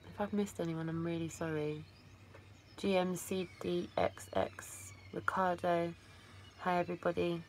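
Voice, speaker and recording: A woman's voice: on the low side, flat delivery, a little slow, darkish tone, a little hiss or hum. An Englishwoman hosting a casual livestream from a phone set some distance away, rambling affectionately and calling viewers darling, her voice tired from a long day of talking. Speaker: livestream host. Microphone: phone placed at a distance.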